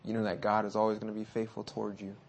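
A man preaching a sermon. He shifts between hushed and loud passages, urges his listeners on, and reads scripture slowly and deliberately. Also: on the low side, monotone, gravelly, husky.

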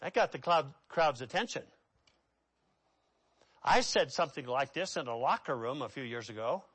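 A man preaching a sermon, acting out voices and swinging between loud dramatic lines and hushed asides. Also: mid-range voice, lively intonation, normal speed, slightly rough.

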